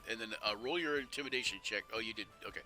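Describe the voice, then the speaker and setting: A man narrating a tabletop game as game master, talking in halting bursts with many restarts. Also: fairly low pitch, pushed and bright, faint music behind.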